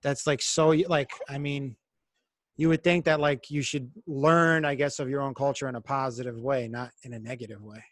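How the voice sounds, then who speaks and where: A man's voice: medium pitch, steady tone, normal speed, fairly bright tone. A male podcast host with a mid-range voice, reflective, often answering with short affirmations. The recording is dry and close, with no room echo. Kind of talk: casual interview chat.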